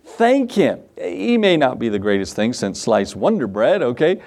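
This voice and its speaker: A man's voice: medium pitch, sing-song, moderate pace, vocal fry, darkish tone. A middle-aged man, a pastor, preaching a sermon in a folksy, conversational way with chuckling asides.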